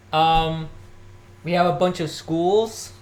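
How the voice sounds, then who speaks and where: Ranting solo podcast host. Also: medium pitch. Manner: ranting, scoffing, mimics others mockingly. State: occasional coughing. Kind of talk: solo political commentary monologue. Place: at home, moving about tidying.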